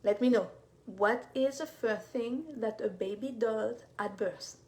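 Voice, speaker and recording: Woman, bit high voice, teaching live, chatty with lots of you-knows, talks right to viewers. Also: measured pace. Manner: warm encouraging, speaks to viewers directly, many fillers. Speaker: fertility coach.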